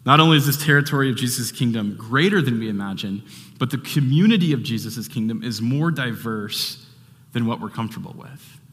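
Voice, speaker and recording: A man's voice: medium pitch, expressive, brisk, fairly bright tone. Man preaching in a reverberant hall. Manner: conversational, rambling with restarts and fillers. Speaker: pastor. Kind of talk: sermon.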